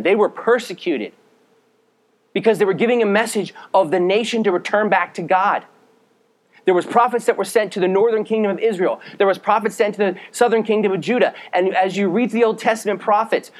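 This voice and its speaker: A man preaching a sermon as a pastor, reading scripture aloud and explaining it, speaking directly to his listeners and dropping to a low, quiet voice for emphasis. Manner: earnest, direct address to listeners.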